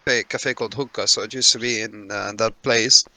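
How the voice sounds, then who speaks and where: A man's voice: fairly low pitch, steady tone, a little fast, pushed and bright. A man co-hosting a podcast, chatting casually and eagerly explaining a place he remembers. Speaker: podcast co-host. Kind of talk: casual chat.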